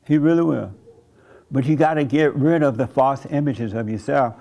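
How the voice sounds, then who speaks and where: A man's voice: mid-range voice, normal speed, vocal fry, dark tone. A man preaching a sermon in a conversational way, chuckling often and acting out the voices of people he quotes. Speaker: pastor.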